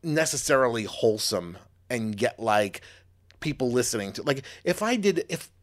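Male podcast co-host, lively delivery, loose and jokey. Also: mid-range voice, moderate pace. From Long Island, New York. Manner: lively, joking, rambling with many fillers. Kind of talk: casual chat.

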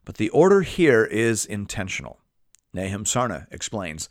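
Male Bible teacher, expressive delivery, dry close sound. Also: lowish voice, dry recording. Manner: measured reading with lively emphasis. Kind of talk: scripted Bible study podcast teaching.

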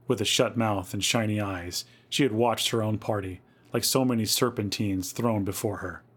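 A man with a fairly low voice gives a dramatic, measured reading of a spooky tale. As podcast host he leans into the eerie moments, pacing his storytelling for suspense. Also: fairly even intonation.

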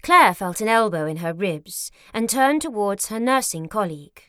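A woman's voice: medium pitch, very animated, measured pace, fairly bright tone, no room sound. Woman reading an audiobook, dry sound. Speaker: audiobook narrator. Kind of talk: scripted audiobook narration.

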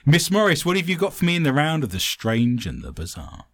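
A man hosting a comedic chat show, joking in an animated way and slipping into silly voices. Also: fairly high pitch, a little fast, no room sound. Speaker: show host.

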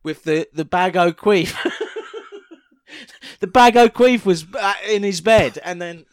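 A man's voice: high-pitched, takes it slowly, clear, resonant tone, dry recording, studio quality. A man co-hosting a comedy podcast, rambling silly tangents and swearing. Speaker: podcast co-host. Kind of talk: casual comedy chat.

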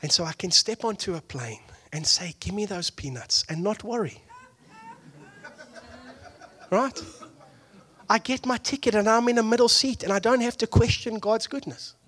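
High-voiced man preaching a lively sermon. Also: normal speed, pauses often. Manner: conversational, acts out quotes, swings from hushed to loud. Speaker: pastor.

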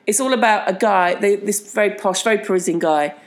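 A woman's voice: medium pitch, fairly quick. A woman from Britain co-hosting a casual chat, eagerly recommending films. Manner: enthusiastic, talks up films eagerly. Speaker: podcast co-host.

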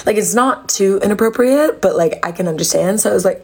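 A woman's voice: medium pitch, fast, few pauses. A young woman telling a dating story on a podcast, acting out the voices of the people in it and swearing freely. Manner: animated, acts out quotes, swears freely. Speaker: podcast host. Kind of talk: casual storytelling chat.

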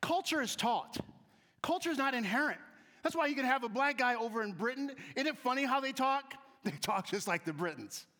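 A man giving a humorous storytelling talk to an audience, acting out the voices of people in his stories and swinging between quiet asides and loud emphasis. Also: very high-pitched, a little fast. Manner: animated, acts out quoted voices, shifts between soft asides and loud emphasis. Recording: long hall reverb.

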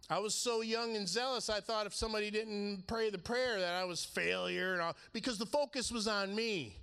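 A man's voice: sits high, moderate pace, vocal fry, bright, forceful tone, smooth. A man preaching in a casual storytelling way, laughing as he acts out the conversations in his story. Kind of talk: storytelling sermon.

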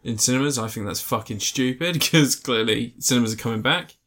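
A man's voice: medium pitch, a little fast, a bit bright. A young man hosting a podcast, chatty and sweary, laughing often. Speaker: podcast host. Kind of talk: casual chat.

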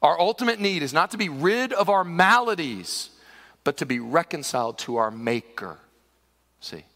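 Bright highish voice, guy preaching, jumps all over the place, big echoey church hall. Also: normal speed. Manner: animated, conversational preaching with humor. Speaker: pastor. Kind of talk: sermon. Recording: long reverb of a large hall.

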